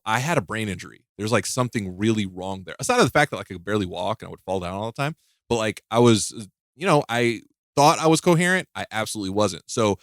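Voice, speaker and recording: A man hosting a podcast in casual chat, talking with halting restarts and stammered repeats, joking and laughing at his own stories. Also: on the low side, a bit bright, no echo, studio quality. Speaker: podcast host.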